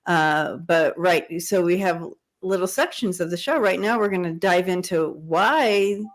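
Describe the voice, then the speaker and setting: Woman host, lower voice, middle-aged, rambling casual chat with restarts. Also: unhurried. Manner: rambling, with many restarts and fillers.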